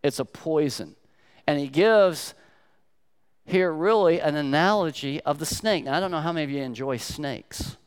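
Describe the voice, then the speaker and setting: An older man preaching a sermon, telling stories emphatically with sharp swings in loudness. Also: on the high side, normal speed, clear, resonant tone. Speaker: pastor.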